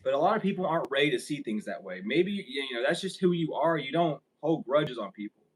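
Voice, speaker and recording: A man's voice: on the high side, very animated, fairly quick, husky, low-quality recording. A young man vlogging a casual story. He rambles, swears freely and laughs often as he talks.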